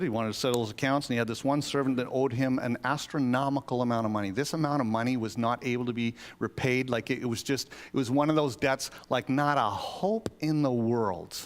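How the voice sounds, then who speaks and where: A man, an associate pastor, preaching a sermon in a conversational yet emphatic way, with sudden swells of excitement. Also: medium pitch. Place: church sanctuary.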